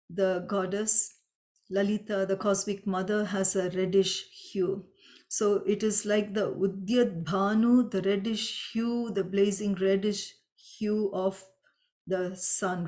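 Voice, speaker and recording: A woman teaching a Sanskrit chant, patiently explaining meanings and pronunciation step by step and chanting the lines slowly. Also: mid-range voice, a little mellow. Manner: chants mantras slowly and drawn out. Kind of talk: slow spoken lesson with chanting.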